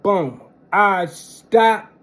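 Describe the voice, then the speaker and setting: Animated young man telling a story. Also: very slow. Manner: animated, slangy, punctuates with "boom" and "bang". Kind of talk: casual storytime monologue.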